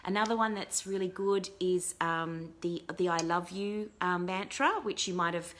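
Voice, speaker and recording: A woman's voice: lowish voice, fairly even intonation, moderate pace, a bit bright, a little hiss or hum. A middle-aged woman hosting a casual talk show as a life coach, chatting in a rambling way with many fillers and restarts. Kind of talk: casual live-stream talk.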